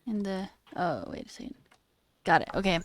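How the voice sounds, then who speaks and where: A woman's voice: fairly low pitch, very animated, moderate pace, dry recording. A young woman streamer chatting casually and thinking aloud while she works on code. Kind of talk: casual coding stream chat.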